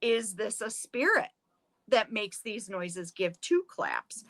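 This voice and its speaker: A woman's voice: medium pitch, big pitch swings, slow, vocal fry, a bit bright, full character voice. A woman voicing an exasperated 1840s farm mother who scolds her daughters, then questions the noise warily. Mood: wary.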